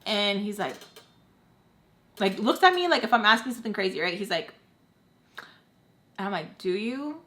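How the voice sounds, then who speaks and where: A young woman telling a personal story in a casual, animated storytime chat, packed with "like" and acting out what people said. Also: medium pitch, normal speed, pauses often. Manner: chatty, animated, heavy filler "like", acts out quoted voices. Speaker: storytime vlogger.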